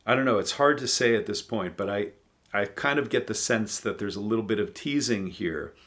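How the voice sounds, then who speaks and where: A man reading poems aloud and talking them through in a thoughtful, musing way, pausing often with ums and uhs. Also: fairly low pitch, a bit bright. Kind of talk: casual poetry reading and commentary.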